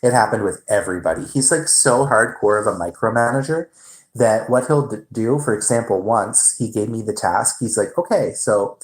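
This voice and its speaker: A man's voice: lowish voice, moderate pace, poor audio. A man hosting his own livestream, chatting casually and telling a rambling story with some swearing. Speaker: livestream host.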